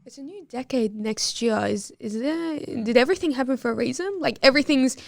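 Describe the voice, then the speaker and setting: A woman's voice: sits high, animated, fairly quick, gravelly, no echo. A woman, a podcast guest telling a story in casual chat, full of "like" and acted-out quotes.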